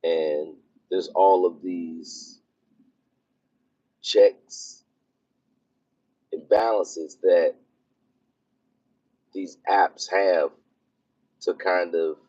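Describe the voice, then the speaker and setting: A military officer drives onto a base, rambling through a casual vlog packed with fillers. His voice sits low and darkish, with fairly even intonation, and he talks extremely slowly with frequent pauses. The recording has a dull, lo-fi sound.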